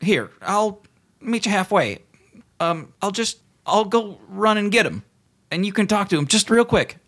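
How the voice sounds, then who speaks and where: A man voicing a nervous low-ranking human officer who speaks anxiously and pleads with his superiors. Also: big pitch swings, measured pace, a bit bright, full character voice. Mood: eager.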